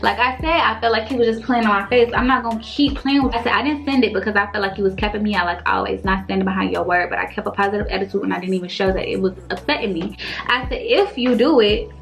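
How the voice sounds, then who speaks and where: A young woman telling a casual storytime vlog, animated, slangy and exasperated, full of rhetorical questions. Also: medium pitch, fast talker, vocal fry, faint music behind. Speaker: vlogger telling a dating story.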